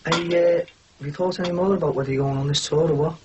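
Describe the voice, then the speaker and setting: A man's voice: a little high, fairly even intonation, fast, natural voice. An actor playing an eager young man. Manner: eager, cheeky. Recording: noisy TV audio.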